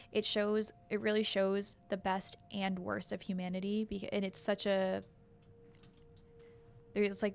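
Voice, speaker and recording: A woman's voice: medium pitch, gravelly. A woman variety streamer chatting casually with viewers over a game, thanking them and rambling in asides. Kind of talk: casual live-stream chat over gameplay.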